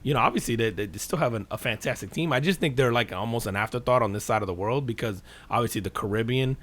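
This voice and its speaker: Speaking fast at a medium pitch, this podcast co-host is riffing on baseball in a loose, high-energy way. His talk wanders, and it's packed with curse words and plenty of "dude."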